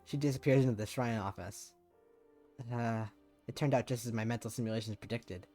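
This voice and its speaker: A man's voice: mid-range voice, a little fast, mellow, faint music behind. A man streaming as he reads a visual novel aloud, narrating casually and dropping swearing asides.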